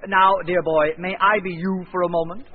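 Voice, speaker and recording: A man's voice: high-pitched, level tone, moderate pace, natural voice. An actor playing a pompous, affected male film director in a radio drama. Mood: theatrical. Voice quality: affected, theatrical. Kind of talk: 1930s radio acting. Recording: dull old radio broadcast.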